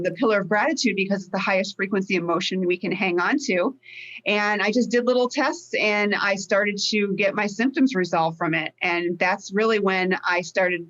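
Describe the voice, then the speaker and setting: A woman's voice: medium pitch, fairly bright tone, lo-fi sound. A woman life coach, a guest in a podcast interview, telling her story in an open, heartfelt way. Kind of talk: conversational interview.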